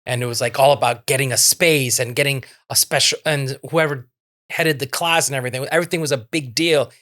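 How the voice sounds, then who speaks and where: A man's voice: mid-range voice, steady tone, a little fast, bright, forceful tone. A man co-hosting a casual podcast, telling a rambling story with fillers and giggles. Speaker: podcast co-host.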